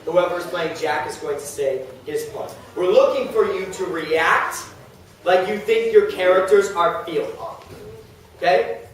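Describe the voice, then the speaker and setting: A man leads his class with brisk, directive instructions, his voice sitting high for a man. He sounds far from the mic, and the classroom echoes heavily around him. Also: a little hiss or hum. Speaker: teacher.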